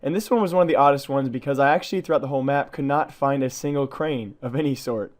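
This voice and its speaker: A man narrates a video game walkthrough at a quick clip, with a voice of ordinary pitch for a man. He reads from a script in a brisk, matter-of-fact way and muses over the odd details he has found. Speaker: gaming channel host.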